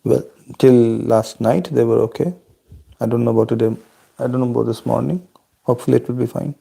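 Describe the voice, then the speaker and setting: Man vlogging a family video call; deep fry, husky, steady and courteous. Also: brisk. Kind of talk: casual chat answering family questions.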